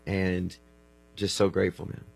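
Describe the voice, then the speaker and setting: A man's voice: low voice, completely flat delivery, moderate pace, vocal fry, breathy edge. A man, telling earnest stories as a guest and often restarting his phrases. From Texas. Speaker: worship musician guest. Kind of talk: casual storytelling.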